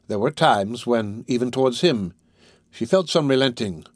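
A man narrating a classic novel in a measured, steady reading. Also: mid-range voice, dry recording, studio quality. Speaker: audiobook narrator.

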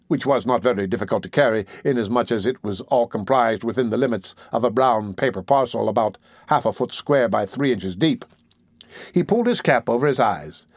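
A man narrates a classic novel in a measured, formal way at a middling pitch. The recording is dry and close, with no room sound. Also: dry recording.

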